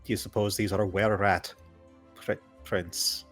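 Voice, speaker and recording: A man's voice: on the low side, flat delivery, a little slow, fairly bright tone, soft background music. A man playing a tabletop game, talking casually and often stammering. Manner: hesitant, stammering. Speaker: player.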